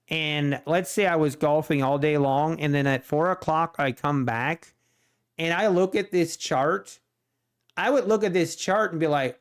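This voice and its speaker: A man in his thirties with a Pennsylvania Dutch accent, rambling and thinking aloud while commenting on his live trading. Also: on the high side. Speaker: day trader streamer.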